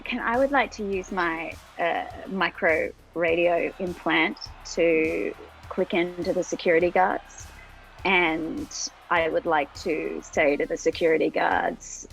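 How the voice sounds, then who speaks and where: Husky-voiced woman player. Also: low voice, rough recording. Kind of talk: playing a tabletop game.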